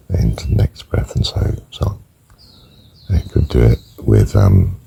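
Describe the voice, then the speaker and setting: Older guy w a really deep gravelly voice, slow gentle breathing meditation, soft almost whispery counting. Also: very animated, muffled recording. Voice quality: gravelly, husky voice. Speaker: spiritual teacher.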